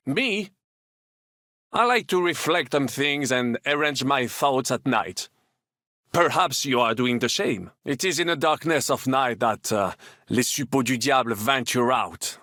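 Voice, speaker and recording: An actor playing a flamboyant, optimistic French knight in a video game, with a French accent and a theatrical, boastful way of talking. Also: male voice, a little high, sharp tone, no echo, studio quality, full character voice.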